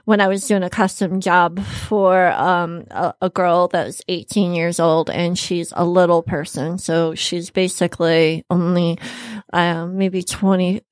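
A woman's voice: lowish voice, measured pace, dry recording, clean studio sound. A woman fashion designer, a guest on a casual podcast interview, telling stories in a chatty way. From Michigan. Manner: chatty storytelling, animated when quoting people.

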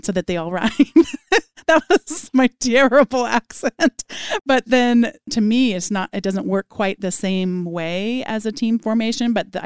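A woman hosting a podcast, telling stories in a lively conversational way with frequent laughter. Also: fairly low pitch, clear, resonant tone, no echo, clean studio sound. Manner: animated storytelling with frequent laughs. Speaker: podcast host.

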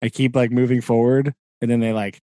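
A man's voice: mid-range voice, level tone, fairly quick, warm tone, no room sound. A man co-hosting a podcast, venting in a rambling casual chat full of fillers and laughs. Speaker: podcast co-host.

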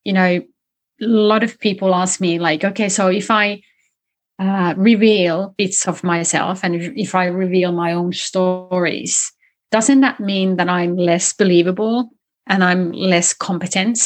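A woman guest in an interview, explaining communication skills in a lively conversational way and demonstrating tones of voice as she talks. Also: fairly low pitch, a little slow. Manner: animated, explains with spoken demonstrations.

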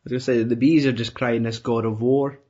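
A husky-voiced man hosts a loose chat, at a typical middle pitch for a man. He tells rambling stories, laughs easily and steers the talk with questions. The sound is a bit dull and lo-fi. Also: steady tone, fairly quick, a little mellow. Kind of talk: casual chat.

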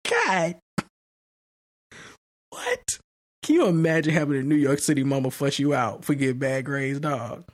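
A man's voice: on the high side, sing-song, a little slow, long pauses. A man hosting a podcast in casual chat, loose and slangy, pressing listeners emphatically. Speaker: podcast host.

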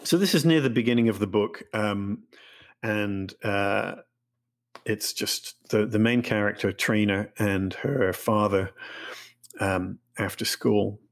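A man's voice: fairly low pitch, no room sound, clean studio sound. A man, an author and literature professor, speaking thoughtfully in an interview with frequent restarts, then reading from his novel. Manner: thoughtful, halting with restarts and fillers.

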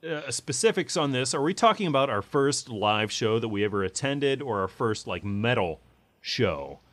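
A man's voice: mid-range voice, expressive, normal speed, fairly bright tone, dry recording. A man in his forties hosting a podcast, asking questions in a loose, easygoing way. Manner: loose, lots of fillers, asks questions. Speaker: podcast host. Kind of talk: casual chat.

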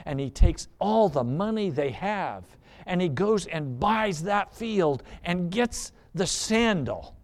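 A male pastor delivering a sermon in storytelling mode, painting the scene with dramatic flair. His speaking voice sits a little high for a man. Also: animated, slow pace.

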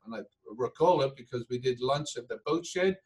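A man's voice: mid-range voice, a little fast, far from the mic, a crowd in the background, low-quality recording. A man from Northern Ireland with a Northern Irish accent, a business owner chatting and joking in an interview. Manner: jokey, chatty, laughs often. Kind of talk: casual interview chat.

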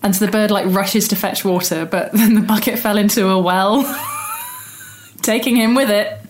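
A woman's voice: medium pitch, fairly even intonation, moderate pace, slight background noise. A woman podcast guest retelling a fairy tale, giggling through her words.

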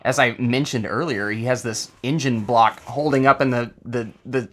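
A man's voice: mid-range voice, moderate pace. A man co-hosting a podcast, joking about a movie and laughing as he talks. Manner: animated, laughs mid-sentence. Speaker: podcast co-host. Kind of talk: casual movie-review chat.

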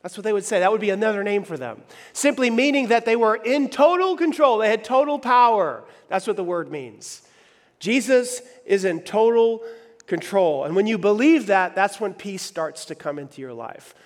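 Guy preaching a sermon, pretty high voice, big reverby hall. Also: fairly quick. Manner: animated preaching, acting out quoted voices. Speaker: pastor.

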